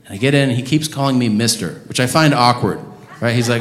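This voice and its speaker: A man's voice: medium pitch, fast talker. A man doing stand-up, telling a story and acting out both sides of the dialogue with lots of swearing. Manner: animated, profane, acts out both sides of dialogue. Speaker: stand-up comedian. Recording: roomy stage sound, audience noise.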